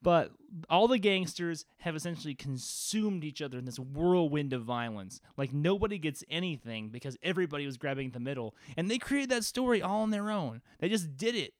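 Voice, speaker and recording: A man's voice: fairly high pitch, animated, fairly quick, no room sound, clean studio sound. A man who is a game master, recounting a tabletop session in casual podcast chat, rambling with lots of "like" fillers and swearing. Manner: rambling, profane, full of "like" fillers.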